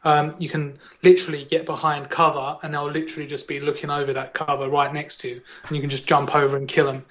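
A man's voice: on the high side, level tone, fast talker, hardly any pauses, a bit bright, dull audio. A man co-hosting a podcast, rambling and joking in casual chat. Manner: rambling, digressive and jokey. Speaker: podcast co-host.

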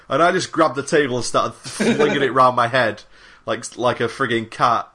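A man's voice: medium pitch, fairly quick, hardly any pauses, bright, forceful tone. A young man on a gaming podcast, rambling through a casual chat with lots of fillers. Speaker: podcast co-host.

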